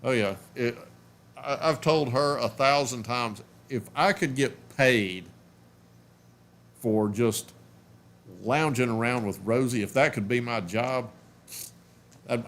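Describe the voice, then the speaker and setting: A man in his forties hosting a casual live stream from home on a webcam, rambling and chatty, sleepy and yawning. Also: medium pitch. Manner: rambling, self-interrupting, chatty.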